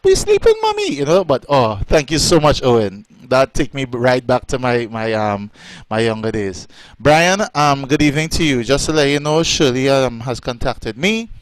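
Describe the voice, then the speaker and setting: A man hosting a live show, chatty, effusive and quick to laugh. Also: mid-range voice, smooth, no room sound. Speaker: host.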